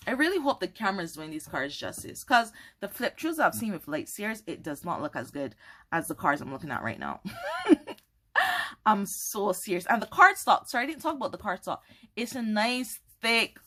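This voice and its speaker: Bright, lively woman vlogger, gushes and laughs while she unboxes, talking straight to camera. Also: mid-range voice, moderate pace. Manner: gushing, excitable, apologetic, laughs often. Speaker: tarot content creator. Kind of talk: casual unboxing chat to camera. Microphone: camera mic, holding cards up to camera.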